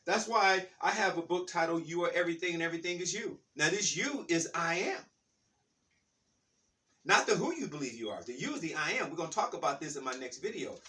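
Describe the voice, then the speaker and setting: A man telling a rambling, animated story in a casual spiritual talk, with many restarts. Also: fairly high pitch, a little fast, far from the mic.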